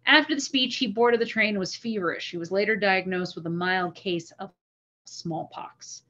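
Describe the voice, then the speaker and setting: A woman giving an online history lecture as guest presenter, telling the story with earnest feeling and pausing to recite a speech. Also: medium pitch, sharp tone, muffled recording. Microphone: computer mic on a video call.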